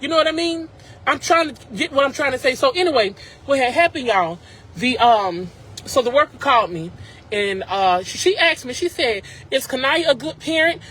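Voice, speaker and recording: A man's voice: very high-pitched, animated, normal speed, bright, forceful tone, slightly rough, rough recording. A man vlogging from his car, upset and ranting emphatically to his viewers, repeating himself and addressing them directly on a phone mic. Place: in a car at a drive-thru.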